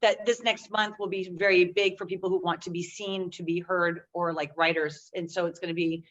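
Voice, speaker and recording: A woman's voice: on the low side, steady tone, a little fast. Rambling woman on lo-fi call audio. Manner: enthusiastic, rambling, many fillers. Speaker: group member on a call. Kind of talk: casual video call check-in. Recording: dull lo-fi call audio with faint noise.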